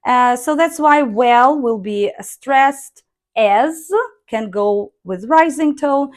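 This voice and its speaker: Woman, teacher, slow deliberate delivery, fairly high voice. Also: expressive. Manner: slow, deliberate, models intonation by reading sentences aloud. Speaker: English speaking teacher. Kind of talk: online language lesson.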